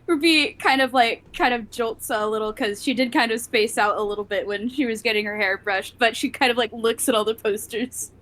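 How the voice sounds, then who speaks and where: Giggly, higher-voiced woman player. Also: fairly quick, few pauses, fairly bright tone. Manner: giggly, hesitant, lots of 'kind of' and 'like'. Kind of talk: tabletop role-play.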